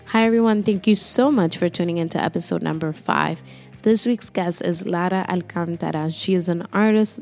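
A young woman hosts a podcast with an upbeat, effusive manner and a slightly low voice. Soft music plays faintly behind her. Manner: upbeat and effusive, quick bursts of enthusiasm. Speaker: podcast host. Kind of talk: casual interview chat.

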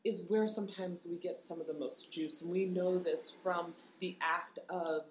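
A woman's voice: fairly low pitch, normal speed, a little hiss or hum. Encouraging woman co-host in echoey room. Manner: encouraging, reflective, animated when laughing. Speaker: podcast co-host. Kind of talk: casual conversational chat.

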